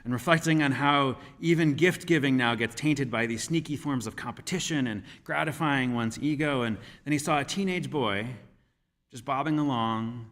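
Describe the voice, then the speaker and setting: Male minister, mid-pitched, measured sermon delivery, recorded in a reverberant sanctuary. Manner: measured, gentle storytelling. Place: church sanctuary. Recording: reverberant church hall.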